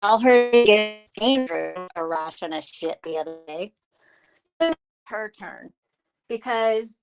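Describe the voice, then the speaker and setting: A woman's voice: mid-range voice, low-quality recording. A woman hosting a commentary livestream, speaking with sarcastic, mocking scorn aimed directly at a rival. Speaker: livestream host. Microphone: streaming mic.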